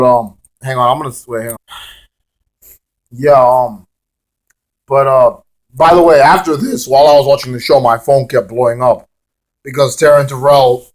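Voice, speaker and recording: A man giving a casual, rambling, sarcastic vlog review of a wrestling show, swearing freely. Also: medium pitch.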